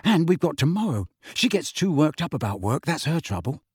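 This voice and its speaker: A man doing an excitable teenage schoolboy wizard. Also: on the high side, brisk, slightly rough, no echo, clean studio sound, exaggerated voice. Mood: conspiratorial. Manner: muttering, conspiratorial.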